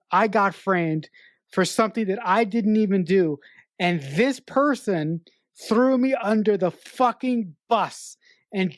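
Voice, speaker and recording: A woman's voice: medium pitch, dry recording, clean studio sound. A woman co-hosting a podcast, chatting casually about a film, emphatic and swearing as she speaks frankly about her own life. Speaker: podcast co-host. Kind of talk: casual film review chat.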